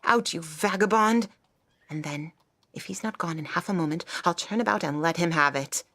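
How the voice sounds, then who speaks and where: A woman's voice: on the low side, moderate pace, a bit bright, no room sound. A woman playing a vain, scornful young maidservant in a stage play, delivered with haughty mockery. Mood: daydreaming.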